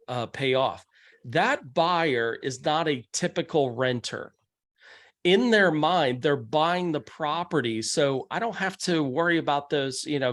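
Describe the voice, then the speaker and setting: A man giving a real estate investing seminar talk, speaking conversationally and acting out the people he quotes. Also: mid-range voice. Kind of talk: seminar presentation. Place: meeting room.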